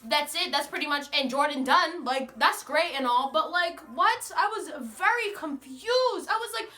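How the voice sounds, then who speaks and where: A young American woman vents on camera in a loose, swear-heavy rant. Her voice sits high and bright, and she sounds exasperated throughout. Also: unhurried, a little hiss or hum. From United States. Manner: animated, profane, exasperated. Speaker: vlogger. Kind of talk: ranting casual monologue.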